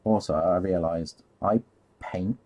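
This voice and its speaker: A man's voice: low-pitched, slow pace, mellow, dull audio. A man rambling casually on a live stream while painting, easily sidetracked and laughing at himself.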